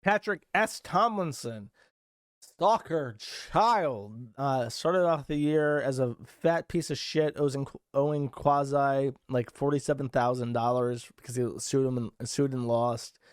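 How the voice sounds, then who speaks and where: A man's voice: mid-range voice, unhurried, few pauses, clear, resonant tone, no echo, studio quality. A man hosting a commentary show, rambling through his points in a mocking, sarcastic way with fillers and restarts. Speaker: host.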